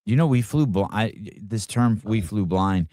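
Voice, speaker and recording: A man's voice: fairly low pitch, animated, moderate pace, warm tone, dry recording, clean studio sound. A man hosting a podcast in casual chat, speaking offhand and muttering to himself as he reads comments. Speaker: podcast host.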